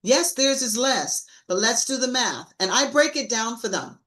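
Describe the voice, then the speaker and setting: A woman giving a live-streamed sales training talk, coaching with lively emphasis and acting out sample lines to clients. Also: on the high side, moderate pace, low-quality recording.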